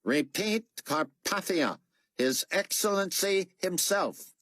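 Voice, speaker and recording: A man's voice: high voice, animated, slow, fairly bright tone, no echo, voice pushed up, full character voice. A man voicing a stern, officious military officer issuing clipped commands over the radio. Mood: commanding.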